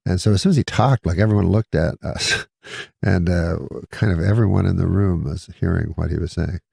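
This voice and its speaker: A man with a low, very gravelly voice tells a long story in an unhurried, deadpan way. He stumbles and restarts often as he rambles. It sounds close and dry, with no room around him. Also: dry recording. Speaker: comedian guest. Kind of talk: casual storytelling on a podcast.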